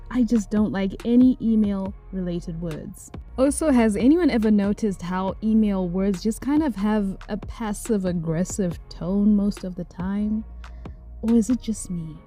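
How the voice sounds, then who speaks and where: A young adult woman giving casual commentary, ranting about annoying words in a playfully exasperated, animated way. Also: medium pitch. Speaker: vlogger.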